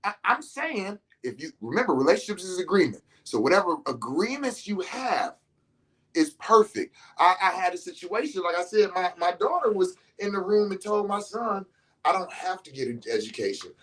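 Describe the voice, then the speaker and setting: Animated, profane man preaching to the fellas. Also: high-pitched, normal speed. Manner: animated, profane, preachy, jumps between calm and shouting. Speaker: podcast host. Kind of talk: opinionated monologue to male listeners.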